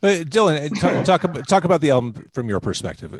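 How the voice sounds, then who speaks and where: A man's voice: on the high side, big pitch swings, fast, noisy background. A man hosting a live-streamed interview, asking questions with a playful, teasing manner. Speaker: host.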